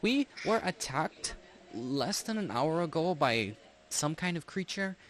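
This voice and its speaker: A man's voice: a little high, big pitch swings, unhurried, a little hiss or hum, pitched above the performer's own voice. A man voicing a frantic halfling mother. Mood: urgent. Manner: demanding, shaky, sharp. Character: frantic angry halfling mother, middle-aged woman.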